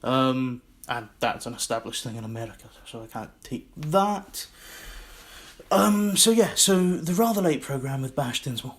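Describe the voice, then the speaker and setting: A man's voice: mid-range voice, lively intonation, measured pace. A man with a Scottish accent hosting his own podcast, rambling and self-mocking in a casual solo monologue. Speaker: podcast host.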